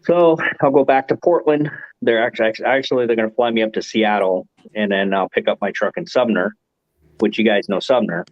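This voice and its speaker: A trucker guest chats plainly and matter-of-factly with a group on a call. His voice is fairly low and a little fast. The call audio is dull and dry, without echo.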